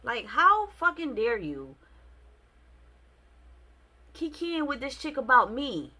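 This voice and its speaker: A young adult woman vlogging a casual storytime, expressive and slangy, with many fillers. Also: high voice, slow.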